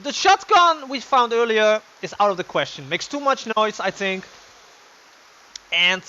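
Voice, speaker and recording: A young man giving casual let's play commentary, excitable and thinking aloud. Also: high-pitched, lo-fi sound, slight background noise.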